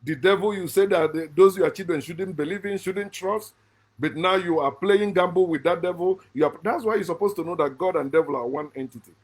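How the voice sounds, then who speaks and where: A middle-aged man from Africa, hosting a channel, delivering an emphatic spoken commentary that swings from loud, high bursts to low muttered asides and often restarts his sentences. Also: fairly quick. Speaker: channel host.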